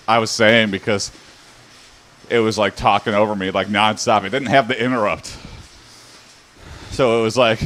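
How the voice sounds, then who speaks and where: Male streamer, casual rambling chat, mid-pitched voice, laughs a lot. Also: fairly bright tone. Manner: rambling, laughs often, loose storytelling.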